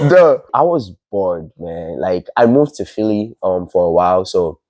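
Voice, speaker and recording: A man's voice: deep voice, a little slow, dry recording. A young man with a Nigerian accent, telling a story in a casual interview, laughing often and acting out what his friends said. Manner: animated, laughs often, acts out quoted friends. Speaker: guest.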